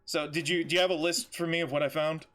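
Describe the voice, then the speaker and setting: A man's voice: on the high side, fairly even intonation, quick pace, fairly bright tone. A man playing a tabletop game over voice chat, joking and laughing, and reading notes aloud to the party. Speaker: player.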